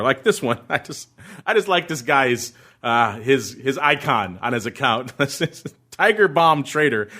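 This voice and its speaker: A man's voice: mid-range voice, sharp tone. A man hosting a podcast in casual chat, joking and laughing as he reads listener messages. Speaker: podcast host.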